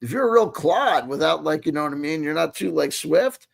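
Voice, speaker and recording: A man in his late forties rambles through casual reaction commentary, swearing freely and checking in with his listener again and again. His voice sits a little high, with a gravelly, creaky edge. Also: animated, fairly quick. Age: 40s. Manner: rambling, profane, keeps asking "you know what I mean". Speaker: host.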